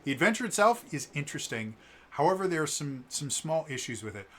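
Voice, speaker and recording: A man's voice: fairly high pitch, very animated, a little fast, a bit bright. A man reviewing a tabletop game book in casual talk, stammering and restarting often. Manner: stammering, frequent restarts and fillers.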